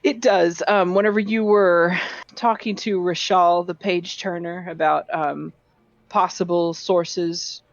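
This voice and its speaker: Woman running a tabletop game, lowish voice, lots of ums, dry muffled audio. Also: fairly even intonation, slow pace, dry recording. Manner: casual, rambling with many fillers. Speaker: game master.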